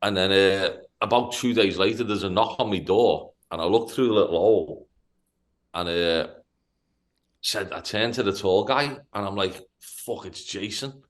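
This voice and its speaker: A man from Liverpool with a Liverpool accent, telling a profane, animated story on a casual podcast. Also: sits low, moderate pace. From Liverpool, England. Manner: profane, animated anecdote-telling with stammered restarts. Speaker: podcast host.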